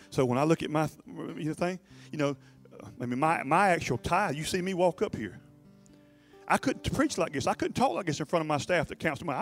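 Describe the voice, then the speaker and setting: Folksy preacher over soft guitar. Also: male voice, fairly high pitch. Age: middle-aged. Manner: folksy, repeats words, preaches then prays. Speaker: pastor. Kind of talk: sermon.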